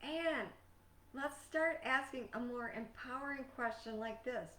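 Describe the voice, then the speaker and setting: A woman life coach giving a scripted motivational talk in an earnest, measured, emphatic way. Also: sits high, fairly bright tone, slight background noise. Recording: echoey room, distant mic.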